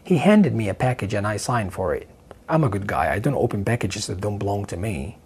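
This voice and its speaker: A man narrating a dramatic first-person story with a husky voice and expressive delivery. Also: lowish voice, a little fast.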